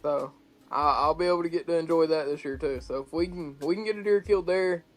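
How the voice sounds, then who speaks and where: Brief: young man from georgia, high pitched, animated storyteller, faint music under. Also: fast. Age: 20s. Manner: animated, acts out quotes, laughs often. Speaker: guest. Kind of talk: casual storytelling chat.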